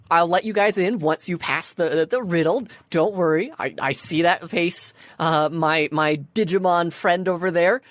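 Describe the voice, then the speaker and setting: A woman's voice: on the low side, no echo, voice pushed up. A woman voicing a perky sphinx helper. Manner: bubbly, eager to help.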